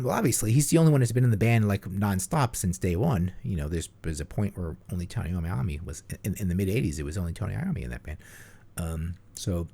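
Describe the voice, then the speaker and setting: A man's voice: low-pitched, animated, quick pace, gravelly, warm tone, slightly rough. A man co-hosting a casual metal podcast, joking and rambling with many fillers. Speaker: podcast co-host. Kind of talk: casual chat.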